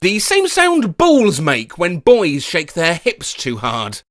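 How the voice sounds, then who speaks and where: A man hosting a comic video, excitable and swearing as he tries silly sound requests. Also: high voice, slow pace, slight background noise. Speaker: YouTube host. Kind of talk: comic vlog reading out viewer sound requests.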